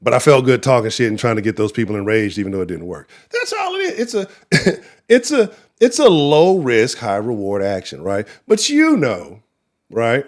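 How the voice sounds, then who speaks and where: Rambling, profane Texan sports host. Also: male voice, fairly low pitch, sing-song, moderate pace. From Texas. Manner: profane, rambling, laughs often, talks to chat. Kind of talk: casual live-stream sports talk.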